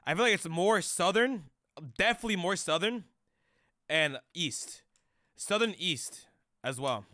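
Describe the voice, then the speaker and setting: A man's voice: high-pitched, expressive, measured pace, pushed and bright, dry recording, clean studio sound. A young man streaming live, chatting loosely with chat in rambling, profane slang.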